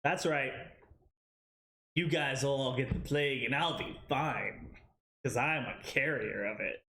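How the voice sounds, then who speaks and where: A man chatting casually with viewers during a live cooking stream, playful and quick to laugh. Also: medium pitch, a little hiss or hum. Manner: playful, animated, laughs often. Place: home kitchen.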